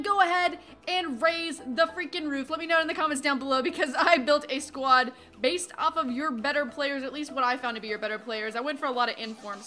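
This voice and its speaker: A young woman hosting a gaming video, giving chatty, excitable casual commentary while she plays. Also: high voice. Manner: chatty, excitable, quick asides.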